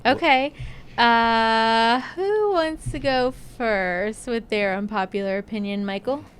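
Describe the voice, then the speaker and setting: A woman's voice: fairly high pitch, takes it slowly, clear, resonant tone. A woman hosting a casual chat who teases the guest playfully and laughs easily. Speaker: host.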